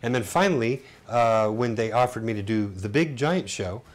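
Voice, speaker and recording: A middle-aged man as an interview guest, talking in a relaxed, reflective way with hesitant fillers. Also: medium pitch, normal speed. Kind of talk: casual interview chat.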